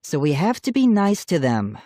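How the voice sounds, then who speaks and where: A man's voice: fairly high pitch, sing-song, normal speed, dark tone, no room sound, clean studio sound, voice pushed up. A man voicing an annoyed young girl who grumbles and snaps sarcastically, in an audiobook reading. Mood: sarcastic. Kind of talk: audiobook character voice.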